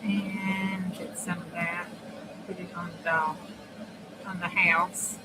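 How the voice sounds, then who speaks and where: A crafting channel host talks casually on her livestream, working and thinking aloud, sometimes down to near-whispers. Her fairly low voice is flat and unhurried, with music playing and a noisy background.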